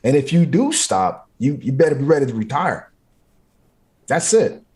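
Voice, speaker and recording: A man's voice: medium pitch, very animated, normal speed, a little mellow. A man, a firefighter guest in an interview, giving motivational talk in short, repeated, punchy phrases.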